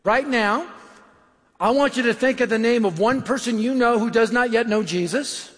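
Male preacher, middle-aged, high-pitched, lively storyteller, big reverberant room. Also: moderate pace. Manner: animated, acts out voices in anecdotes. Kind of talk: sermon with storytelling. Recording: long hall reverb.

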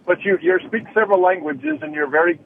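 Man, radio caller, persistent questioner, slightly high voice, tinny phone line. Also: expressive, fast, gravelly, a little hiss or hum.

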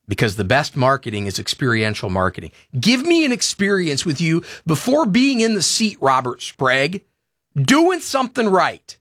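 A man's voice: a little high, wildly swooping pitch, moderate pace, a bit bright, no room sound, studio quality. A man hosting a talk radio show, ranting and pleading in a heated, impassioned way.

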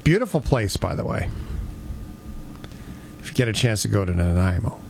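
A man's voice: on the low side, moderate pace, creaky, a little hiss or hum. A man hosting a talk show, chatting casually and telling stories with jokes. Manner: joking, lively storytelling. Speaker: radio show host. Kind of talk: casual chat.

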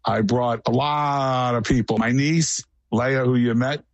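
A man's voice: mid-range voice, steady tone, a little slow. Guy rambling on in a radio interview, matter-of-fact, dry close sound, no room echo. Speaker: guest.

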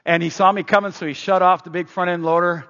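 A man preaching a sermon, telling a personal story in a conversational, animated way with many restarts. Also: sits high, quick pace. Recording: dull sound with long hall reverb.

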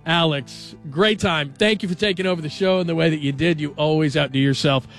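A man hosting a sports radio show, chatting casually and reading headlines in a jokey, animated way. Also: a little high, a little fast, soft background music.

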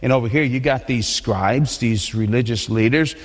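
A man's voice: mid-range voice, moderate pace. A man preaching a sermon in a loose, conversational way, restarting and repeating words as he talks. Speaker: pastor. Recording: long hall reverb.

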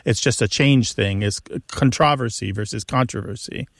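Male co-host, gravelly, dry studio sound, patient explainer. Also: fairly low pitch, moderate pace, no room sound. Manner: explanatory, precise about pronunciation. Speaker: radio show co-host. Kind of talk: explaining language on a call-in show.

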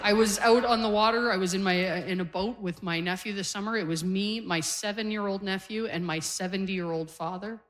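A woman's voice: medium pitch, steady tone, fairly quick, few pauses. Canadian-born woman in her forties, stand-up. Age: 40s. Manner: conversational, self-deprecating storytelling. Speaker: stand-up comedian. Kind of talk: stand-up comedy set. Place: comedy stage before a live audience.

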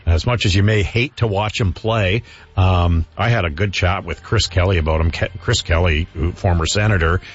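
A man hosting a casual hockey chat, chatty with quick affirmations and a husky voice. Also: sits low, dull audio.

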